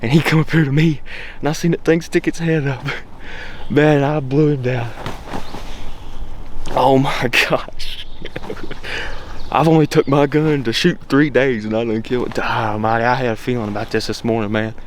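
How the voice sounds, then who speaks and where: Excitable man on a mountain. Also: medium pitch, moderate pace. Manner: folksy, excitable, talks straight to viewers. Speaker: hunter filming his own hunt. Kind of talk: casual outdoor vlog talk. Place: outdoors on a wooded mountain. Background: faint wind and outdoor ambience.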